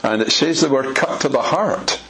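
A man's voice: medium pitch, moderate pace, pushed and bright, low-quality recording. A man preaching a sermon, emphatic and driving his points home with pointed rhetorical questions.

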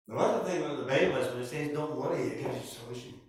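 A man with a Scottish accent preaching a sermon, retelling Bible stories with animated, conversational delivery. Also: mid-range voice, racing. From Scotland. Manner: animated storytelling, acting out Bible scenes. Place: church hall. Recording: echoey church hall from far off.

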